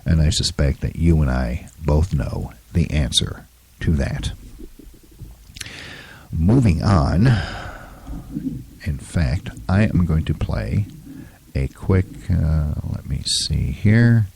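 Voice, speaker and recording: A man in his fifties hosting a solo talk show, his throat scratchy and hoarse, talking in an opinionated, rambling way full of fillers. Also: extremely low pitch, animated, slow pace, long pauses, dark tone. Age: 50s. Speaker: podcast host.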